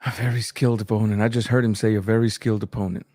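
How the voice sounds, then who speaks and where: A man's voice: fairly low pitch, level tone, racing, warm tone, dry recording, clean studio sound. A man hosting a casual live stream, reacting to boxing and chatting with viewers as he reads their comments.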